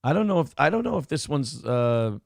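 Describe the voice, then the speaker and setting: A man's voice: mid-range voice, big pitch swings, fairly quick, creaky, no room sound, studio quality. A man co-hosting a morning show, riffing in profane, joking casual banter.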